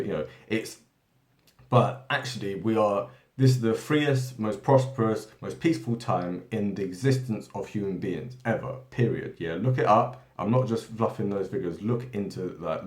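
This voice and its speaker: Male commentator raised in Britain, lowish voice, off-the-cuff monologue, restarts constantly, roomy echo. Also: darkish tone. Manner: rambling, many tag questions and restarts. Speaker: political commentary channel host. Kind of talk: unscripted monologue. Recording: echoey room.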